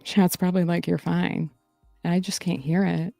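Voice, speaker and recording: A woman's voice: fairly low pitch, little pitch movement, a little fast, creaky, mellow, dry recording, faint music behind. A woman hosting a casual livestream, chatting loosely with viewers while she fiddles with her audio settings. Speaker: livestream host.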